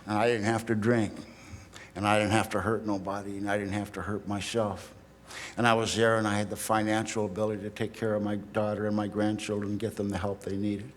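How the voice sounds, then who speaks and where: A man's voice: fairly low pitch, a bit bright. A man in his sixties from Southern California, telling his recovery story at a meeting in a blunt, streetwise, self-mocking way. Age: 60s. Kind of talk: sharing a personal story from a podium. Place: large hall. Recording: archival recording in a long-reverb hall.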